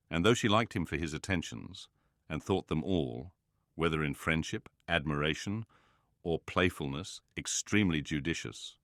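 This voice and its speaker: A man narrating a classic novel in a measured, even reading. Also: extremely low pitch, no echo, studio quality. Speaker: audiobook narrator.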